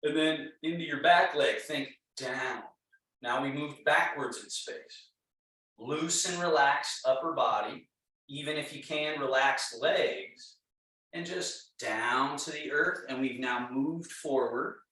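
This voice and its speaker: A man leads a tai chi class and gives his cues slowly and calmly, often repeating the same short phrases. His voice carries a strong, roomy echo, and he sounds some distance from the microphone. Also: medium pitch. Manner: calm, slow, repetitive cueing. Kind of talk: guided exercise class instruction. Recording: very echoey room, mic far off.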